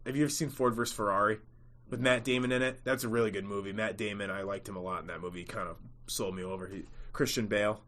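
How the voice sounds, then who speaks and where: A man's voice: fairly low pitch, fairly even intonation, fast talker, fairly bright tone. A man hosting a casual sports podcast, blunt and swearing freely as he tells stories. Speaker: podcast host.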